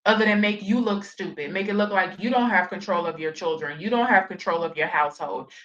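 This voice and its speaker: A woman's voice: mid-range voice, a little fast, fairly bright tone, muffled recording. A woman giving blunt, profane, scolding reaction commentary on a livestream.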